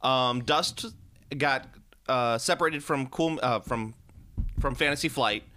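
Bright-voiced man in casual chat. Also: mid-range voice, takes it slowly, a little hiss or hum. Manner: loose, joking, swears, trails off and restarts. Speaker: podcast co-host.

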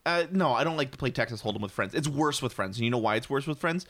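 A man's voice: mid-range voice, animated, fast talker, a bit bright. Profane ranting man in casual chat. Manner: profane, ranting, acts out quotes in funny voices.

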